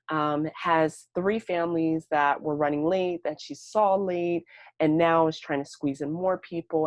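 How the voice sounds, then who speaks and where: A woman presents a webinar with a low voice that is dry and close. She talks in a conversational way, telling stories and using plenty of fillers. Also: dry recording. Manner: conversational, storytelling, frequent fillers. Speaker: presenter, mental health clinician.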